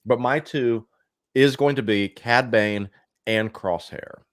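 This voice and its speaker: A man's voice: medium pitch, takes it slowly, no room sound, studio quality. A man from Cincinnati, co-hosting a casual podcast chat, blunt and opinionated, swearing freely. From Cincinnati, USA. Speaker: co-host.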